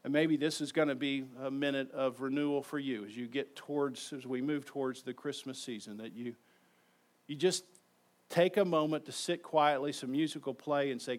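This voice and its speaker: A man preaching a sermon in a church, moving between quiet, intimate lines and emphatic ones, and inviting the congregation to respond. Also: mid-range voice, moderate pace. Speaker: pastor. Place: church sanctuary.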